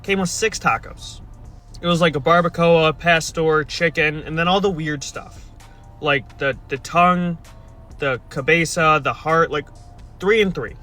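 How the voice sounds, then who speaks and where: Bright-voiced young man telling a wry storytime. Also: fairly high pitch, measured pace, soft background music. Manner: exasperated, wry, deadpan. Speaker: storyteller in a played video clip. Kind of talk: casual storytime.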